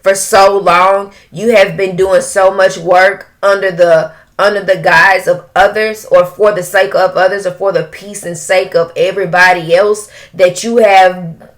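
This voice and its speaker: A woman giving an emotional tarot reading, breaking into drawn-out exclamations. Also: medium pitch, little pitch movement. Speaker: tarot reader.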